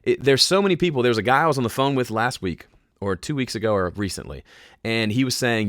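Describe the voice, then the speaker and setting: A man hosting a casual live question-and-answer podcast, with a smooth, polished speaking voice and a relaxed, conversational way of explaining. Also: fairly low pitch, a little fast, dry recording, clean studio sound. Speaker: host answering viewer questions. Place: home studio.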